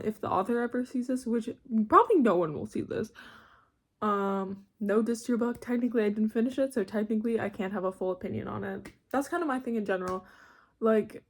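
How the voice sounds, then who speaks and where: A young woman in university, ranting casually in her bedroom, rambling, cutting herself off and laughing often. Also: fairly high pitch. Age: young adult. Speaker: vlogger.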